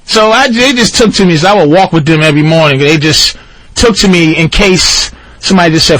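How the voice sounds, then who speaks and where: On a radio talk show, a man appearing as a guest storyteller tells a long, profane, animated story at a slightly fast pace. He jumps into high, shouting voices for the people he quotes. There's no room sound.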